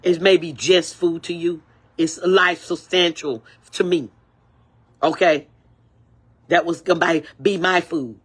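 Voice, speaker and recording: An older woman on a livestream, ranting angrily and repeating herself, swearing freely, with a husky voice. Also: on the low side, fairly even intonation, slow, long pauses. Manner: angry, repetitive, profane. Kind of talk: angry livestream rant.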